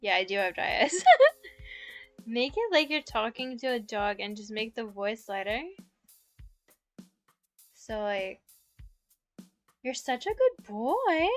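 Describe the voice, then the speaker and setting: This young streamer talks slowly in a mid-range voice, pausing often, her tone fairly bright. It's a casual chat full of giggles and laughter between sentences, recorded with the mic very close and faint music behind.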